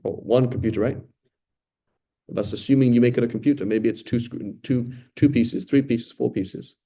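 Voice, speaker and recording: A man in middle age teaches an informal class on religious study in a conversational way, pausing to restart phrases and checking in with his listeners. His voice is mellow and dark, with a middle pitch. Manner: conversational, thinks aloud with frequent "right?" and restarts. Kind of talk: informal lecture on Quran study.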